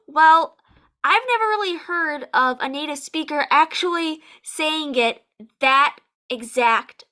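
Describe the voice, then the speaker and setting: An American woman, an online English teacher, giving a lively to-camera lesson and acting out sample phrases with emphasis. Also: high-pitched, takes it slowly. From United States.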